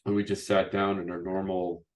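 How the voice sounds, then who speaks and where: Middle-aged guy hosting a chat show, lowish voice, keeps restarting and tossing in "right?". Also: level tone, moderate pace. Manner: rambling, frequent restarts and "you know, right?" tags. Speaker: podcast host and youth basketball coach. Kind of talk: casual interview chat.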